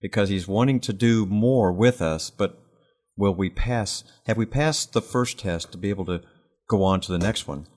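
A man's voice: fairly low pitch, moderate pace, darkish tone. A man hosting a Christian talk show, affirming his guest with short agreements. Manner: brief affirming interjections.

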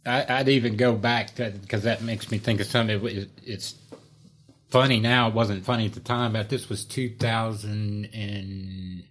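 A middle-aged man, a guest, telling a personal faith story in an animated, self-mocking way. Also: fairly low pitch, normal speed. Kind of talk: conversational storytelling.

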